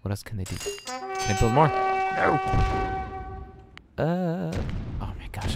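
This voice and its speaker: A young man talks his way through a strategy game in a casual let's-play, flustered and self-mocking, full of fillers and half-finished thoughts. His pitch jumps around a lot, and clear music plays behind him. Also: sing-song, slow, long pauses. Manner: flustered, self-deprecating, thinks out loud with many fillers. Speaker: gaming channel host.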